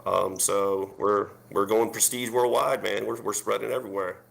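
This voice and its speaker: A man's voice: on the low side, steady tone, moderate pace, gravelly, a bit bright. A man, a paintball team captain, talking casually on a video-call panel in a rambling way with lots of fillers.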